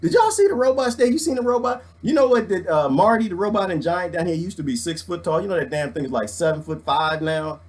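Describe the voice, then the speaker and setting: A man rants on a livestream in a jokey, preachy way, swinging from loud to hushed. His voice sits a bit high and bounces all over. He sounds wired on coffee. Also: lively intonation, fast, hardly any pauses. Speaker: vlogger reading live comments. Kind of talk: animated livestream rant.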